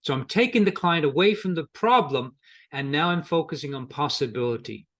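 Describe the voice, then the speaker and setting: With a brisk, high-leaning, fairly bright voice and lively intonation, a middle-aged man delivers a coaching lesson. He speaks conversationally, repeating and restarting himself, and acts out quick coach-and-client dialogues.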